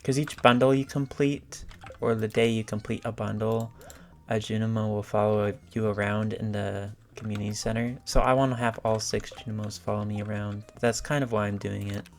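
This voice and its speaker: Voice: medium pitch, flat delivery, moderate pace, soft background music. A gaming channel host giving casual let's-play commentary, rambling and thinking aloud with filler words.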